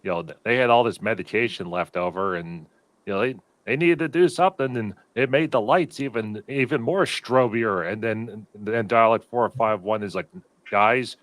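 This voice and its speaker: Stammering low-voiced man. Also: moderate pace, no room sound. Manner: hesitant, stammering storyteller. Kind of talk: casual chat.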